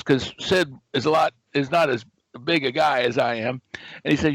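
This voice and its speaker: A game company founder, an older American man, shares an anecdote as a guest with animated energy, voicing each quoted line himself. His voice sits on the high side with some vocal fry, moves a little fast, and comes through a low-quality recording without room sound.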